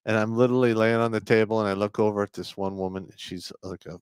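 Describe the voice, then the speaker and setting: A man co-hosting a live show, reacting to the story with crude, quick remarks. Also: fairly low pitch, fairly even intonation, smooth, no room sound, clean studio sound. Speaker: podcast co-host. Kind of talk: casual live-stream chat.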